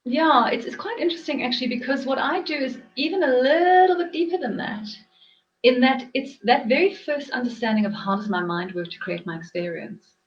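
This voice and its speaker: A woman's voice: high voice, brisk, lo-fi sound, a little hiss or hum. A woman hosting an interview as a life coach, explaining her ideas earnestly and repeating phrases for emphasis. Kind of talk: reflective interview talk.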